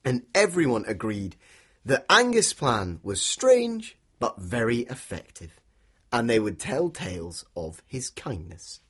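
Male storyteller for children, slow and husky, lots of pitch swings, keeps inviting the kids in. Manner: animated, inviting listeners to join in. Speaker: storyteller guide for a children's walk.

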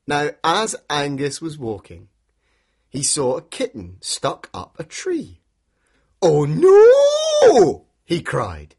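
Male storyteller for kids: slow, lively, slightly husky, playful and inviting. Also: fairly high pitch. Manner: playful, animated, prompts listeners to join in. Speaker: children's storyteller. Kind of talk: interactive story narration for children.

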